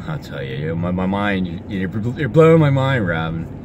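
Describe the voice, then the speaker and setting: Rambling, excitable man talking to the camera outdoors. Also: deep voice. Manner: rambling, excitable, with many restarts and fillers. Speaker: vlogger. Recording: outdoor street noise with passing cars.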